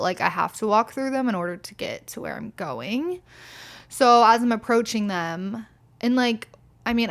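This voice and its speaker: A woman's voice: mid-range voice, gravelly. A young woman hosting a podcast, telling stories in a blunt, exasperated way, swearing freely and saying "like" often. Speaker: podcast host. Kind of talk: casual storytelling monologue.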